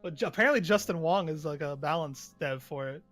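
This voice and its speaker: Guy with a high voice swearing nonstop, chatting about games, faint music behind. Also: a little fast, fairly bright tone. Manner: profane, laughing storyteller. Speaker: podcast co-host. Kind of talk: casual gaming chat.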